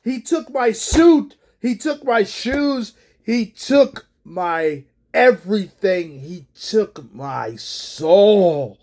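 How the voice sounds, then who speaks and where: A man voicing a bitter male wrestling boss who rants and raises his voice to shouts. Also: high-pitched, animated, takes it slowly, exaggerated voice. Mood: bitter ranting. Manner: ranting, raising voice to shouts.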